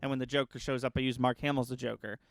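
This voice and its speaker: A man's voice: mid-range voice, level tone, rapid-fire. A man co-hosting a casual movie podcast, easygoing and chatty, prone to giggling. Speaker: podcast co-host. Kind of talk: casual movie review chat.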